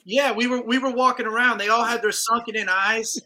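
High, bright-voiced storytelling man. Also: a little fast, rough recording. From New Jersey. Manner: profane, animated storyteller. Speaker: podcast co-host. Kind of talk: casual sports chat.

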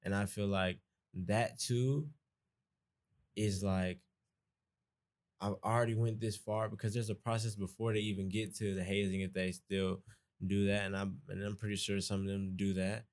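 Young adult man, Georgia accent, lower-pitched, casual rambling podcast guest. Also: flat delivery, moderate pace. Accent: Georgia, US South. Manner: rambling, restarts often, folksy. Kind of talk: casual conversation.

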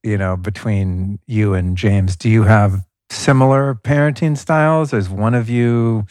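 A man hosting a podcast interview, asking measured, thoughtful questions. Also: lowish voice, fairly even intonation, a little mellow, no echo. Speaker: podcast host. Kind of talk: interview questions, casual chat.

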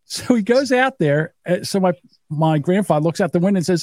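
Man in his fifties, higher voice, dry close sound, salty storyteller, casual podcast chat. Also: lively intonation, fairly quick, a little mellow, no echo. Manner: storytelling, profane, acts out quotes. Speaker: podcast co-host.

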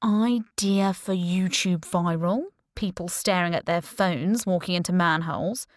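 A woman's voice: fairly low pitch, unhurried, no room sound, clean studio sound, lightly acted. A woman voicing a smug, scheming male spy chief in an audiobook, with a mocking, condescending manner. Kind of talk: audiobook character reading.

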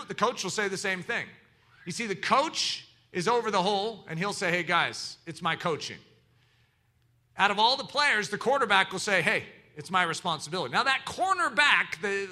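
A man's voice: high voice, expressive, fairly quick, pushed and bright. A man preaching a sermon as pastor, teaching in an emphatic, preacherly way.

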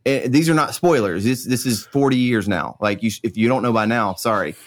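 A man's voice: mid-range voice, a little fast. A man hosting a podcast, chatting casually, sometimes stumbling before finding his sentence. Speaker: podcast host. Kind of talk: casual chat.

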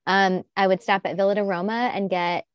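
A woman's voice: medium pitch, steady tone, a little fast, clear, resonant tone, dry recording. A woman guest on a podcast who talks in an enthusiastic, casual way and laughs often. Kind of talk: casual chat.

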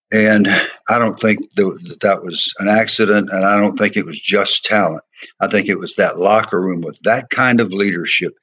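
Husky older Southern man telling stories. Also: lowish voice, fairly bright tone. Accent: American Southern. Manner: earnest, emphatic storyteller. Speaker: former pro football player and coach, guest. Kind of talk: storytelling interview.

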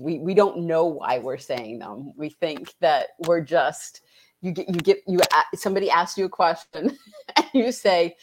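A woman's voice: low-pitched, lively intonation, husky. A woman coach being interviewed, speaking reflectively, restarting her sentences and acting out conversations with clients. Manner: reflective, halting with restarts, acts out client dialogue. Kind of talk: casual interview chat.

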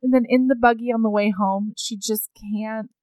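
Chatty woman with a higher voice, dry mic. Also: moderate pace, clean tone, no echo, low-quality recording. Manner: animated storytelling, acts out characters' lines. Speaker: podcast co-host recapping a book. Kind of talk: casual chat.

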